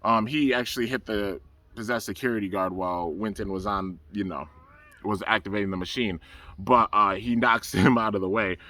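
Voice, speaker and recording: Eager male fan reviewer with a bright, forceful voice who rambles on outdoors. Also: fairly low pitch, fairly even intonation, normal speed. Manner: rambling, enthusiastic, says "man" a lot. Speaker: anime reviewer. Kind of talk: excited episode review. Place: outdoors under trees.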